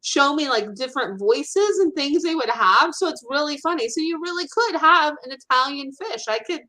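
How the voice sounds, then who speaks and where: Enthusiastic woman guest, fairly high voice. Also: expressive, moderate pace, sharp tone, poor audio. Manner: enthusiastic, gushing. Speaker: guest, animal communicator. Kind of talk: casual interview chat.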